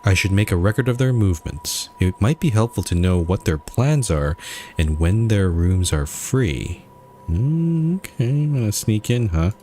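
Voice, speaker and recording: A man's voice: on the low side, lively intonation, measured pace, warm tone, faint music behind. A man playing a game and thinking aloud as he commentates, reading and weighing the options. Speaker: gamer. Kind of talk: let's play commentary.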